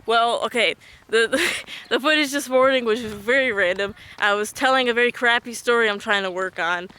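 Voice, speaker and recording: A woman's voice: fairly high pitch, moderate pace, pushed and bright, smooth. A young woman vlogging on a walk outdoors, chatting casually and rambling in a self-deprecating way. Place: outdoors, urban area.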